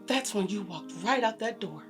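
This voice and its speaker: A woman's voice: mid-range voice, expressive, moderate pace, music in the background, natural voice. An actress playing a bitter, hurt mother of a grown son in a family therapy scene. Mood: anguished. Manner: bitter, rising to furious shouting. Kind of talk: web series drama acting.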